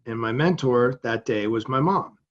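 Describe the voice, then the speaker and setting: A man from Massachusetts, a podcast guest telling a personal story in a lively, vivid way. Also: medium pitch, moderate pace. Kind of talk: storytelling in an interview. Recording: dull lo-fi sound.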